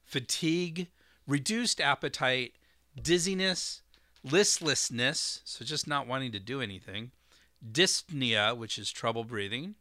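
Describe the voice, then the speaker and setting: A man hosting an educational podcast, explaining terms in a relaxed, meandering way with frequent fillers. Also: medium pitch, measured pace, no echo. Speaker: podcast host.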